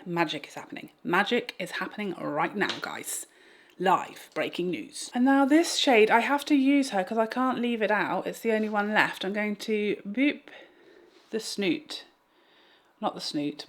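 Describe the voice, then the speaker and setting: Casting: chatty beauty vlogger, woman, mid-pitched, playful and self-deprecating. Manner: bubbly, self-mocking, talks to viewers. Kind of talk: chatty makeup tutorial. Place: home room with a fan.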